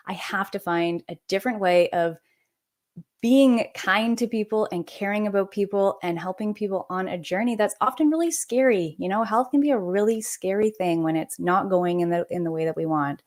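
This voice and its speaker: A woman in her forties, a naturopathic doctor and podcast guest, telling a personal story in a lively, conversational way and acting out the people she quotes. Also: mid-range voice, normal speed.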